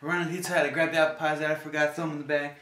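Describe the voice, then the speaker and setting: A man casually telling stories to the camera in an animated way, acting out the people he met. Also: fairly high pitch, very fast, roomy sound.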